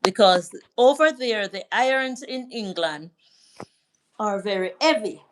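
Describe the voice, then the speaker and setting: Slow-talking Jamaican woman telling a family story. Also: mid-range voice, animated, slight background noise. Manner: slow, warm storytelling, reading out and answering viewer comments. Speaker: livestream host. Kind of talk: casual live chat and storytelling.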